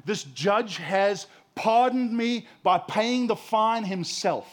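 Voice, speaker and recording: A pastor in his forties preaches with a voice set a little higher than most men's. He moves from ringing emphasis down to soft, tender near-murmurs, often repeating a word while he gathers his point. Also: expressive, slow. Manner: impassioned, swinging from loud emphasis to hushed tenderness; repeats words when building a point. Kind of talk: sermon.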